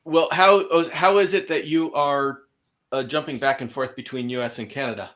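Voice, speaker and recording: Male host, mid-pitched voice, stop-start delivery full of pauses. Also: fairly even intonation, fairly bright tone. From California. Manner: halting, lots of hesitations and restarts. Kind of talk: casual video chat.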